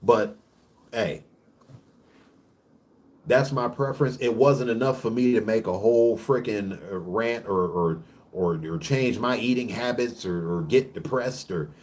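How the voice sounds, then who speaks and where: A man hosting his own vlog, ranting in a casual monologue that is preachy, profane and emphatic, with rapid bursts and frequent restarts. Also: on the low side, a little mellow, slight background noise. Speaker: vlog host.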